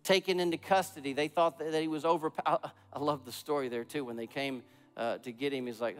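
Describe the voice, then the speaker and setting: A man preaching a sermon as pastor, swinging between loud emphatic swells and quiet, low passages. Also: fairly even intonation, fast, clear, resonant tone. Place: church sanctuary. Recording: long church reverb.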